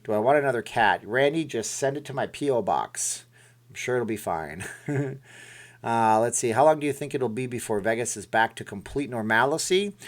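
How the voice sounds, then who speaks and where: A middle-aged man from Canada hosting a casual live stream, reading and answering chat in a rambling way and often correcting himself. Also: mid-range voice.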